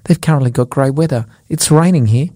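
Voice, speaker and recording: A British man co-hosting a podcast, teasing and quizzing his co-host in relaxed, jokey chat. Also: medium pitch, a little fast, dry recording, studio quality. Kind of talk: casual comedic chat.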